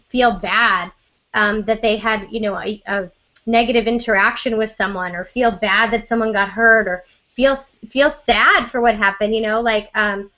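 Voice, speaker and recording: Bright, high-pitched woman chatting. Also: dull audio. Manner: chatty, reflective, with frequent fillers. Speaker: host. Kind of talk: casual conversation.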